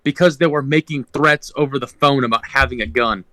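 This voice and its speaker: Young guy rambling through a work story on a podcast, bright voice, dry close mic. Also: mid-range voice, a little fast, no room sound, poor audio. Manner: rambling, with many ums and restarts. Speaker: podcast co-host. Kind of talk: casual storytelling.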